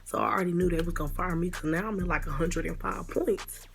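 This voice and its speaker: Gravelly low-voiced young woman vlogger. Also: quick pace, a little hiss or hum. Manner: blunt, exasperated storytelling with swearing. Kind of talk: casual storytime vlog.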